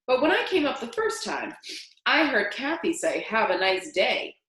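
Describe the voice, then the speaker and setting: A woman voicing a folksy, friendly older school cook in a storybook reading, with high sing-song lines. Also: very animated, normal speed, a bit bright, reverberant, low-quality recording. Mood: matter-of-fact.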